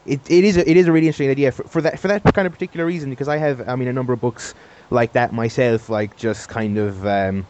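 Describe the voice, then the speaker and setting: A man's voice: mid-range voice, fairly even intonation, fast, a little mellow. A man hosting an interview, enthusiastic and stumbling over his restarts as he asks questions. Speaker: interviewer, radio host. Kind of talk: casual interview chat.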